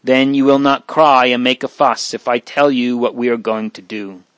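An earnest teenage boy, as a man reads him in a storybook. He speaks in a calm, gentle, reassuring way. The sound is dry and close. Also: medium pitch, moderate pace, clear, resonant tone, no room sound, lightly acted.

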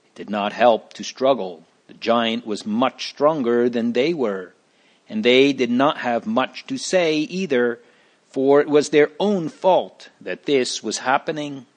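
Slow, deliberate male storyteller. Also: medium pitch. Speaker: narrator. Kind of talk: scripted storybook narration.

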